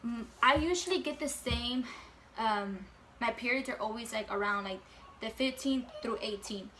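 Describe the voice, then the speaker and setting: A woman's voice: fairly high pitch, normal speed, fairly bright tone, slight background noise. Chatty teen girl telling a storytime. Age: late teens. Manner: chatty, lots of fillers, swears freely. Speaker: vlogger. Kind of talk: casual storytime chat. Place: at home with her baby.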